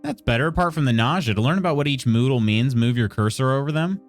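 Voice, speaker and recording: A man's voice: medium pitch, quick pace, soft background music. A man streaming a game live, reading tutorial text aloud and adding playful, wry asides to chat.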